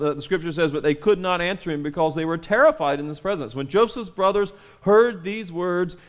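A male preacher with a slightly higher voice delivers a lively, conversational sermon. He reads scripture, then acts out the scenes with quick, playful asides. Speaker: pastor.

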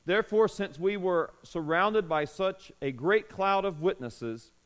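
A man preaching a sermon in an earnest, emphatic way, with pauses and restarts. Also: high voice. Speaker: pastor.

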